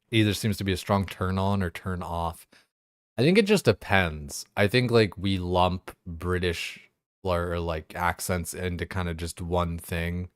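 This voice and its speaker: A young man with a deep, low voice chats casually while he plays a game. His talk rambles, packed with fillers and swearing. The recording is close and dry. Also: slow pace, clean tone, dry recording. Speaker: game streamer. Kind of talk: casual chat while gaming.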